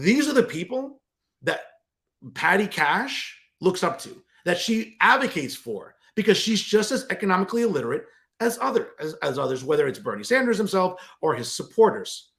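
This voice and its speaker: A man's voice: high voice, big pitch swings, a little fast, a bit bright. A man hosting a political commentary show, delivering a combative, sarcastic monologue straight to his viewers.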